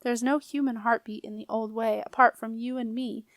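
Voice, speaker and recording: A woman's voice: fairly high pitch, fairly even intonation, moderate pace, no echo, studio quality, natural voice. A woman reading an earnest young princess.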